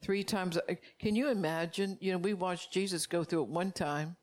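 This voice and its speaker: A woman's voice: fairly low pitch, normal speed, a little mellow. Woman preaching, exhorting and quoting scripture. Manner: repeats phrases for emphasis, reads scripture aloud; direct, exhorting the listeners. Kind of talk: sermon.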